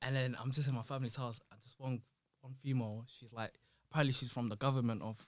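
A young man with a London accent, co-hosting a casual podcast chat in lively, slangy bursts and frequent laughter. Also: mid-range voice, quick pace, dry recording. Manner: animated, slangy, laughs a lot. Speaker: podcast co-host.

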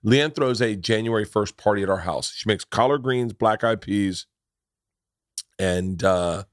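A man hosting a podcast, telling stories in a casual chat, animatedly leaping into loud high voices when he quotes people. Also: unhurried, no echo, clean studio sound. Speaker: podcast host.

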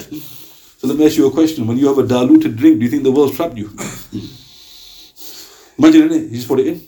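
A man preaching in a loose, conversational way. His voice is soft and mellow, and he jokes and chuckles as he acts out little scenes. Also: medium pitch, a little fast, pauses often. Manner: lively, joking, laughs often, acts out dialogue. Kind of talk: informal religious talk.

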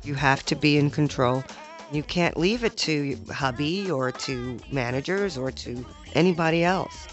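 A woman's voice: deep voice, unhurried, music in the background. A woman singer speaking frankly and assertively in an interview clip. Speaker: guest singer. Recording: dull lo-fi interview audio.

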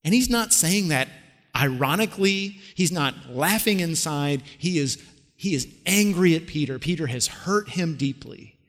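A man's voice: on the high side, animated, a little slow, a bit bright. Pastor guy preaching, chatty storytelling, lots of questions at the crowd, big hall echo. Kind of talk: sermon. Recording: long hall reverb.

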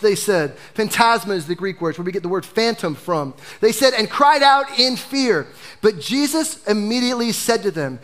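Animated male pastor preaching a sermon. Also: high voice, normal speed. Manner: animated preaching, dropping to a hush for emphasis.

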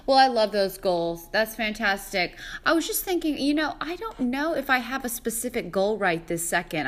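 A woman co-hosting a podcast in a casual chat, enthusiastic and encouraging and quick to gush over what her partner says. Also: a little high, very animated.

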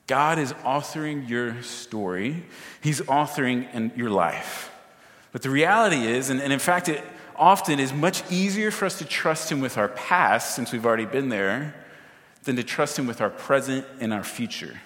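A man preaching a sermon, energetic, throwing questions and asides to the congregation. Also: mid-range voice, moderate pace, in a large hall. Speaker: pastor.

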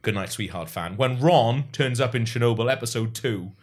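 A man's voice: mid-range voice, normal speed. A man hosting a podcast, chatting casually in a rambling, hesitant way with frequent laughs. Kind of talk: casual comedy chat.

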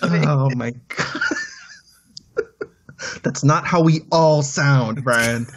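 A man's voice: medium pitch, extremely slow. A man from Chicago co-hosting a film podcast, joking in a wry, stubborn way, on dull lo-fi remote audio. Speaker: podcast co-host. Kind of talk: casual film podcast chat.

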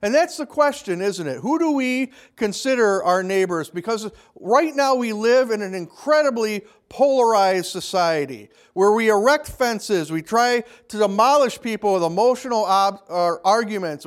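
A man preaches a Sunday sermon. He talks in a loose, conversational way and slips into quick acted-out voices for the people in his stories. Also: high-pitched, clear, resonant tone. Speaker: pastor.

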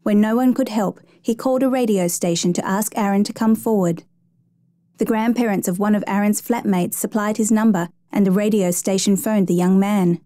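A woman narrates a true rescue story in a steady, measured storytelling voice. Her tone is warm and mellow, sitting in the middle of the usual range. The sound is close and dry, with no room around it. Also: medium pitch, no room sound.

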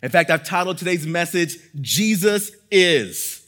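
Man, pastor, sermon, earnest and emphatic, slightly high voice. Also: animated, unhurried, fairly bright tone. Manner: earnest, emphatic preaching with repeated phrases.

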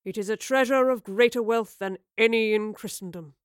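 A woman puts on a portly gentleman in his forties, dignified but wounded, speaking in formal, old-fashioned phrases. The voice is smooth and clear, recorded dry and close. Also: high-pitched, normal speed, dry recording, natural voice. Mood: wistful. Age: 40s. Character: older man, portly, wounded, dignified, melancholy.

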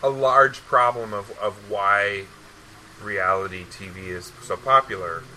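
A man's voice: lowish voice, unhurried, bright, forceful tone, a little hiss or hum, poor audio. A man hosting a podcast, chatting casually and rambling, with many restarts and repeated words. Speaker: podcast host. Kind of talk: casual chat.

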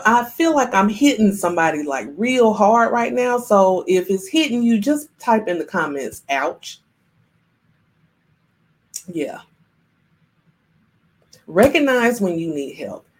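On a roughly recorded livestream, a woman with a medium-pitched voice hosts a spiritual talk. She addresses her viewers playfully and acts out little voices.

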